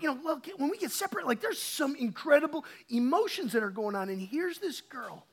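Male pastor, 30s, high light voice; chatty sermon with emphatic swells and halting restarts. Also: gravelly. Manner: animated, swings from quiet to emphatic; halting, repeats words when restarting. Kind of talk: conversational sermon.

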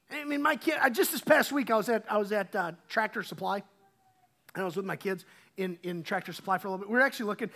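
Male pastor, 30s, high light voice; chatty sermon with emphatic swells and halting restarts. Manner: animated, swings from quiet to emphatic; halting, repeats words when restarting. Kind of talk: conversational sermon.

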